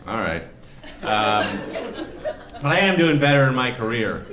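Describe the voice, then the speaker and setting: A man doing a stand-up set, rambling and self-deprecating, building to loud rants. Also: mid-range voice, animated, unhurried, a crowd in the background. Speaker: stand-up comedian. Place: comedy club stage. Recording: roomy club sound from far off. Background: audience laughter.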